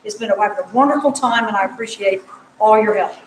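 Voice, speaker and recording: A woman serving as junior warden, giving a brisk, joking report at a church meeting. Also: medium pitch. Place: church hall. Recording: echoey hall, noisy.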